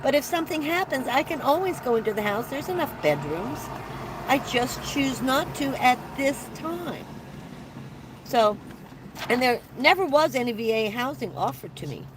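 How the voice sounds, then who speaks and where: A woman's voice: high voice, big pitch swings, moderate pace, noisy background. An older woman hosting a casual live stream from her van, rambling along and greeting viewers by name.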